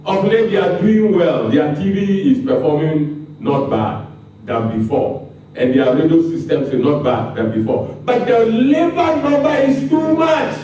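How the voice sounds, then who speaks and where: A man's voice: high voice, measured pace, warm tone, a little hiss or hum. A man with a Ghanaian accent giving a public lecture, impassioned and firing rhetorical questions at the audience. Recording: very echoey room, mic far off.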